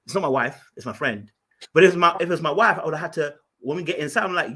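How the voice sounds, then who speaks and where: A man from Ghana, telling an animated story in casual podcast chat, full of fillers and restarts. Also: on the high side, quick pace, husky. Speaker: podcast guest.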